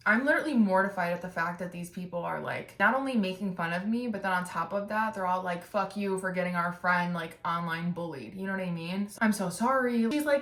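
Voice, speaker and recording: A woman's voice: on the low side, fairly quick, hardly any pauses. A young woman in her twenties telling a long personal story in a casual podcast chat, swearing freely, filling her talk with "like" and mimicking the people she talks about. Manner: chatty, swears freely, full of "like", mimics others with animated bursts. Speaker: podcast host. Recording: roomy echo.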